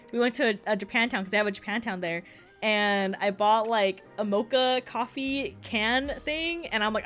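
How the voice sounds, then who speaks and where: A young woman streaming casually as a VTuber, talking fast and rambling with frequent giggles and lots of fillers. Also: medium pitch, fairly bright tone.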